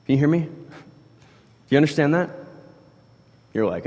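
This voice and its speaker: A man preaching a sermon in a conversational way, shifting from quiet asides to loud, emphatic stretches. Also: mid-range voice, very animated, normal speed, long pauses. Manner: conversational, swings between soft asides and loud emphatic bursts. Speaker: pastor. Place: church hall. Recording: long hall reverb.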